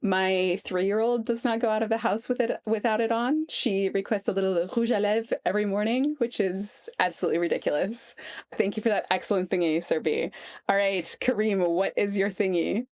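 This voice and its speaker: A woman's voice: medium pitch, normal speed, a little mellow. A woman hosting a podcast, talking in a breezy, playful way with her guests. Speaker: podcast host. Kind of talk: casual chat.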